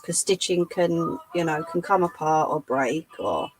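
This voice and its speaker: A woman hosting a live sewing tutorial, chatting to her viewers as she works, her voice going a little hoarse. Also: sits low, lively intonation, unhurried, soft background music, rough recording. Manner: chatty, talks to live chat while demonstrating. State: losing her voice. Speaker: craft livestream host.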